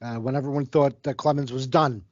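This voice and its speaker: A medium-pitched, slightly mellow male voice with fairly even intonation moves a little fast, with no echo. He's a co-host in his forties on a laid-back sports podcast, profane and quick with statistics, captured in a dull, lo-fi, dry recording.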